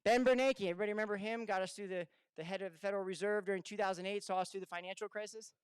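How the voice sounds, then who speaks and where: A man giving a lively seminar talk on retirement income, asking the room questions and telling stories. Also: high-pitched, racing, clear, resonant tone, no echo. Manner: energetic, conversational, asks the room questions. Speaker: financial advisor speaking at a seminar. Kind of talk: live seminar talk to an audience. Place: room with a live audience.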